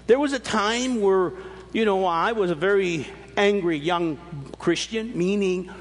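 A man preaching a sermon, telling stories animatedly with emphatic rises and frequent restarts, his voice husky. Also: sits high, a little slow. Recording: long reverb of a large hall.

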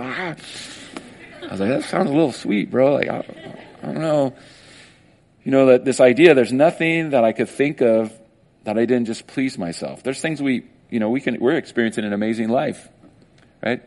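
A male pastor delivering a sermon in a relaxed, conversational way. He gets animated as he talks and slips into quick acted-out voices to make his points. His voice sits at an ordinary middle pitch. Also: slight background noise.

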